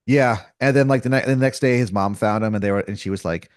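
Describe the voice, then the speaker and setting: A fast-talking man with a lowish voice narrates an improvised comedic game as its game master. He's rambling and loose, full of fillers, restarts and crude, casual slang, recorded at studio quality with no room sound.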